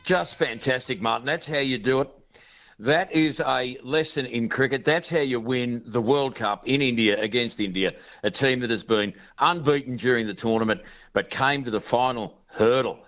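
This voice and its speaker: A man's voice: mid-range voice, normal speed, soft background music. A man talks sport with cheerful enthusiasm, doubling back on his own phrases. He comes through a thin, tinny phone line. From Australia. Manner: enthusiastic, repeats himself. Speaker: regular sports guest. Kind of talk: casual sports chat.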